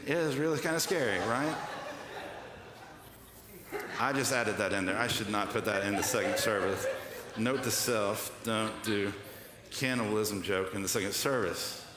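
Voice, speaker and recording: A man with a mid-range, slightly bright voice preaches a sermon as pastor in a church hall, conversational and joking. He asks the congregation to answer back, and the echoey hall adds a long reverb.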